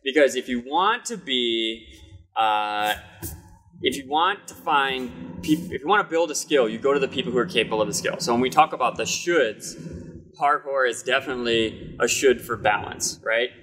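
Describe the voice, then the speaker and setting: A man with a Midwestern American accent talks casually as a podcast co-host. His voice sits in an ordinary middle pitch. He jokes and spins stories in an animated, loose way. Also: normal speed. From Iowa, US Midwest. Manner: joking, animated storyteller. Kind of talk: casual chat.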